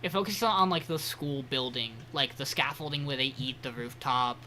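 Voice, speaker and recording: A man's voice: medium pitch, normal speed, pushed and bright, a little hiss or hum. A man co-hosting a podcast, recapping an episode in a rambling, swearing, casual way. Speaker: podcast co-host.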